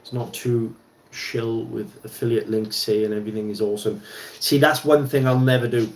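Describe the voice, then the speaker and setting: A man's voice: medium pitch, steady tone, normal speed, reverberant, a little hiss or hum. A man hosting a casual livestream while fixing an RC car at his bench, rambling with lots of ums and restarts. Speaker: livestream host. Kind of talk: casual chat while wrenching.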